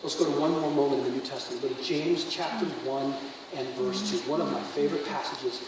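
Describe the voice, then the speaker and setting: A man preaching a sermon as pastor, swinging from loud bursts down to near-whispers. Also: medium pitch, fairly even intonation, quick pace, noisy background. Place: church sanctuary. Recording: echoey church hall from far off.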